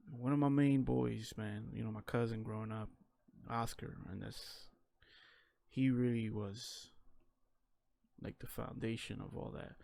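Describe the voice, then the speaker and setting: A man's voice: mid-range voice, gravelly, darkish tone, no room sound. A man telling his own story in a candid, reflective way, casual and full of "you know" and "man" fillers.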